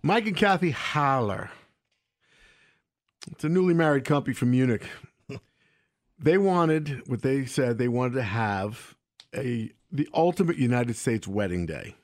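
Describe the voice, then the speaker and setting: A man's voice: medium pitch, measured pace, long pauses, no echo, studio quality. A man co-hosting a sports radio show, chatting casually and telling stories with animation. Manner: animated storyteller.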